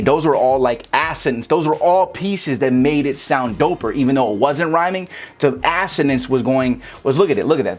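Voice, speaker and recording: A man's voice: mid-range voice, expressive, moderate pace. Casual swearing man teaching rap. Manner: loose, swearing, breaks lyrics down syllable by syllable. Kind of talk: casual tutorial talk.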